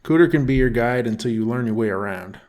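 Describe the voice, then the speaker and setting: A man voicing a brisk female first-grade teacher. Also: mid-range voice, lively intonation, darkish tone, lightly acted.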